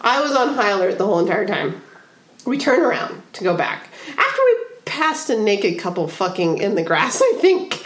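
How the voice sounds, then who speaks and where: A woman telling a story in casual chat, animated, laughing often and swearing freely. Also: medium pitch, moderate pace. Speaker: podcast co-host telling a story. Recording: roomy echo.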